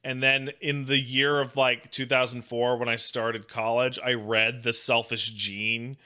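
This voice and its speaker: A man's voice: medium pitch, flat delivery, unhurried, sharp tone. A man in his thirties co-hosting a casual chat, ranting sardonically with swearing. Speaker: co-host.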